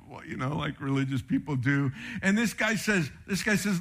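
Brief: male pastor, lively and chatty sermon delivery, voice sits a bit high. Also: moderate pace, few pauses, slightly rough. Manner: animated, conversational storytelling. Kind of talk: sermon with slides.

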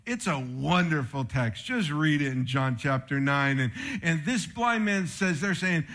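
A man preaching a sermon with slides, telling stories in an animated, conversational way. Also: fairly high pitch, unhurried. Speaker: pastor.

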